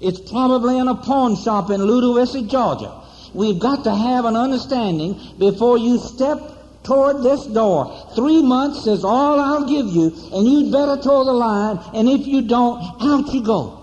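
Gruff sarcastic dad scolding his son, done by a high-voiced preacher, long hall echo, dull sound. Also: unhurried, darkish tone, slight background noise. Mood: stern. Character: irritated, scornful middle-aged father scolding his son. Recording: dull, echoey hall recording.

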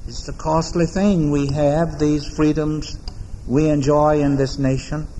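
An American man preaching a sermon as pastor, in a measured, solemn oratorical manner with deliberate pauses, in a large church sanctuary. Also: a little high, little pitch movement, mellow, slight background noise. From United States. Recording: long reverb of a large church hall.

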